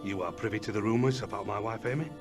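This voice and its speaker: A man's voice: fairly low pitch, fast talker, over music, natural voice. A man playing a stern, protective colonial-era husband who speaks in formal, old-fashioned phrasing. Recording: game audio over loud score.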